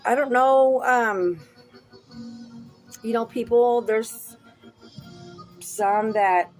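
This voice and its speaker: A woman talking candidly to camera in a rambling, profane way, swinging from mumbles to loud outbursts. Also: fairly high pitch, unhurried, long pauses, soft background music. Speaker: vlogger.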